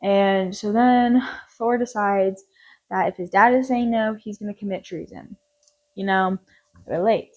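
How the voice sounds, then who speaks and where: A woman's voice: mid-range voice, a little slow, darkish tone, rough recording. A young woman casually recapping a film plot, rambling and joking with lots of filler words. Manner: rambling, jokey, full of "like" and "um". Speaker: film reviewer.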